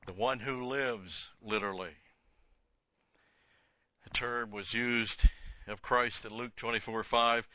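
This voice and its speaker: A man's voice: on the low side, steady tone, unhurried, bright, forceful tone, dry recording, dull audio. Man teaching Scripture verse by verse. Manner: reads scripture aloud with rising emphasis, then explains in a casual aside. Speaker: Bible teacher.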